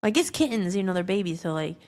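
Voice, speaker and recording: A woman's voice: mid-range voice, animated, fast, darkish tone, faint music behind. A woman hosting a podcast, telling an emotional personal story in a rambling way, with many fillers and restarts. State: tearful at times. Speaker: podcast host.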